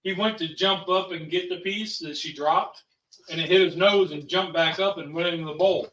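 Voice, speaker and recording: Laid-back dad rambling with lots of ums, kinda high voice, far from the mic in an echoey kitchen. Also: male voice, moderate pace, fairly bright tone. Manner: easygoing and rambling, with many ums and sos. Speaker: father and channel host. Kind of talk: casual family chat. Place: home kitchen. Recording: roomy, from a distance.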